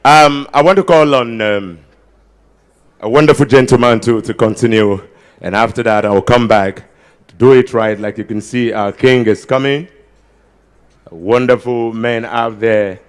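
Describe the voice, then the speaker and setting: A man's voice: medium pitch, a little slow, smooth. Nigerian man joking with a crowd. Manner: banters with the crowd, slips into pidgin, sudden loud outbursts. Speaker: comedian at a ceremony. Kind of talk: stand-up comedy for a live crowd. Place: large ceremony before an audience.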